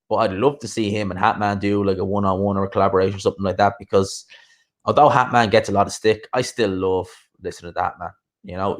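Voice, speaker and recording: Rambling Irish man chatting on a live stream. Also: on the low side. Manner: rambling, chatty, swears freely. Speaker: boxing channel host. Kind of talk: casual live stream chat.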